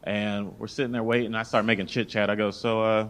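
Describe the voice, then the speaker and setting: A young man from the American South, speaking quickly in a fairly low voice, performs stand-up in a club while the crowd laughs. His storytelling is animated, and he imitates the voices of the people in his tales.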